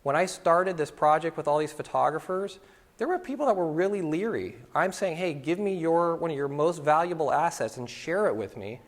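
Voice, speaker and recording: His voice leans high, with lively intonation and a normal speed, as a middle-aged man chats casually to photography students. He recounts anecdotes and acts out quoted dialogue, all echoing with the long reverb of the school's lecture hall.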